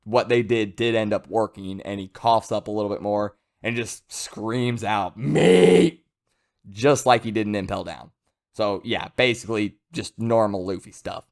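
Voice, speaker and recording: A man giving a casual, rambling video review of a comic chapter, chatty and lively. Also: on the low side, moderate pace. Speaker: manga reviewer.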